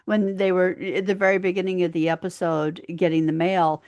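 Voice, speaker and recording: A woman co-hosts a podcast and chats casually about a sitcom episode, sharing her opinions. Her voice sits a little low, and the recording is close and dry. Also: flat delivery, a little fast, a little mellow, no echo. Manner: chimes in and finishes her co-host's lines, gives her own opinions. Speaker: podcast co-host.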